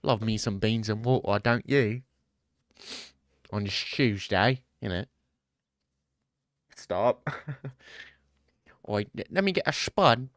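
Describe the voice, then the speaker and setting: A man's voice: on the low side, lively intonation, takes it slowly, long pauses, a bit bright, no room sound, studio quality. A man putting on a mock British accent as a rowdy lad who barks "oi" while ordering food.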